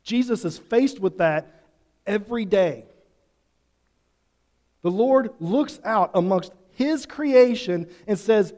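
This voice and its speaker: A man's voice: sits high, lively intonation, takes it slowly, pauses often, mellow. A pastor preaching an earnest sermon to his congregation, pressing them with repeated questions. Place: church sanctuary. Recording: long hall reverb.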